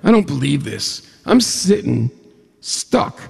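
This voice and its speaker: Gravelly storyteller man in a hall. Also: takes it slowly. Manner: animated, jumps up in pitch for quoted dialogue. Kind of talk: humorous personal story told to an audience. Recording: long hall reverb.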